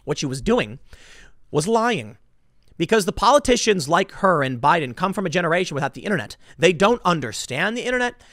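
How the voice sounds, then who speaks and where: A man giving opinionated political commentary in an animated, emphatic way, often repeating words. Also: high voice, a little fast, no room sound, studio quality.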